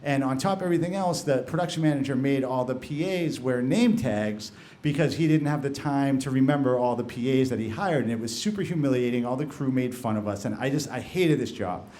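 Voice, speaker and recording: A man's voice: medium pitch, a little fast, dark tone. A man telling a first-person story at a live storytelling event, in a conversational way with frequent fillers and restarts.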